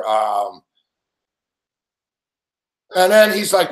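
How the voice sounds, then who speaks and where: A man's voice: high voice, animated, slow, pauses often, a bit bright. Profane, ranting man in an echoey room. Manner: mocking impressions of others. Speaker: host. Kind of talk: ranting sports betting commentary.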